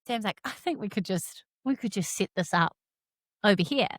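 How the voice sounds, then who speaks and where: A New woman co-hosting a podcast, tired and animated, swearing freely and laughing often in casual chat. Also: mid-range voice, normal speed, no echo, clean studio sound. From New Zealand. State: worn out. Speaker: podcast co-host.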